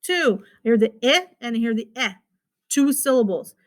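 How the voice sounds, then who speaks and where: A woman's voice: a little high, expressive, moderate pace. A woman teacher giving a recorded phonics lesson to children, patiently repeating words and sounding out their syllables.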